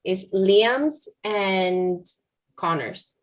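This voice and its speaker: A woman's voice: mid-range voice, extremely slow. A woman with a mid-range voice hosts a casual book podcast. She asks short questions and answers in a friendly, easygoing manner. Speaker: podcast host.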